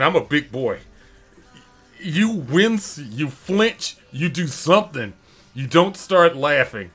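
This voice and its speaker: A middle-aged man from Detroit, telling stories in a casual chat and laughing often. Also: fairly high pitch. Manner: animated, laughing often, acting out quotes. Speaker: streamer host. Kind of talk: casual storytelling.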